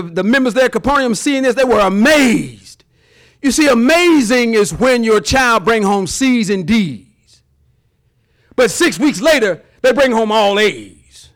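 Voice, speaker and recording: Lively high-voiced male preacher. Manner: lively preacher acting out voices, folksy examples. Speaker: pastor. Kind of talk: sermon.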